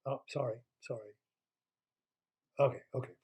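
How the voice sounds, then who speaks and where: An older man telling an improvised children's story over a computer call, pausing to quiz his listeners with multiple-choice questions in a playful, chatty way. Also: mid-range voice, steady tone, a little mellow, breathy edge. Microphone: computer mic on a video call.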